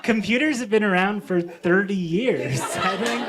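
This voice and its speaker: A man's voice: high voice, measured pace, crowd noise. A man performing stand-up comedy on a small theatre stage, wry and self-deprecating, building to exasperated punchlines. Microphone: stage mic. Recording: live audience laughter.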